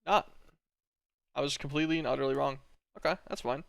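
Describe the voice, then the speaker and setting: A man streaming a game, thinking aloud in relaxed, rambling commentary. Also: medium pitch, a little fast, creaky, no room sound, clean studio sound.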